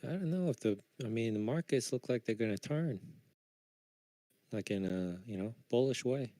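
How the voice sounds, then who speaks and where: A man's voice: mid-range voice, lively intonation, moderate pace, mellow, dry recording. A man trading live with friends, chatting casually and joking over a voice chat mic. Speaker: trader on a live trading stream.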